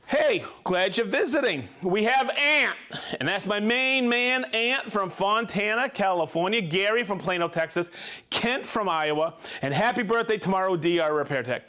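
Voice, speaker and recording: An upbeat man hosting a live stream, talking in a fairly high voice that swings up and down with animation. He chats casually and laughs often. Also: expressive, moderate pace. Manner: upbeat, reads viewer shout-outs, laughs often. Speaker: host of a live tool show.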